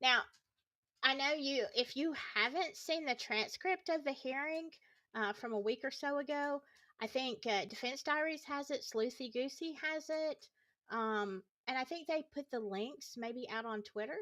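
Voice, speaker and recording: A tired woman chatting casually on a livestream, opinionated and quick to get heated, with sarcastic asides and reading chat aloud. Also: high voice, pushed and bright. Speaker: YouTube true-crime commentator.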